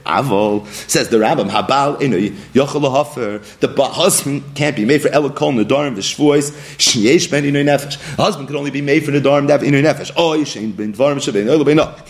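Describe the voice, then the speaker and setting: A man teaching a daily Talmud lesson, explaining lively and mixing in study terms from Hebrew and Yiddish. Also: medium pitch, vocal fry.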